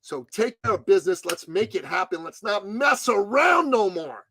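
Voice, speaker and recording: A man telling a story as a podcast guest and business coach, talking in a forceful, emphatic, preachy way. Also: high voice, lively intonation, normal speed, slightly rough, no echo, poor audio.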